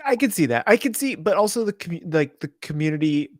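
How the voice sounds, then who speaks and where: A man's voice: a little high, lively intonation, fast talker, dry recording, studio quality. A man co-hosting a podcast in casual chat, teasing and laid-back. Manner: teasing, laid-back, says dude and bro. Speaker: podcast co-host.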